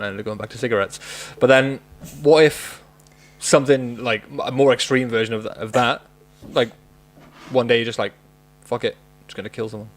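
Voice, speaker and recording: A man with a Welsh accent, co-hosting a podcast and arguing his point in casual, sweary chat full of "like" fillers. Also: medium pitch. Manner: swears freely, argues with lots of "like" fillers. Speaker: podcast co-host.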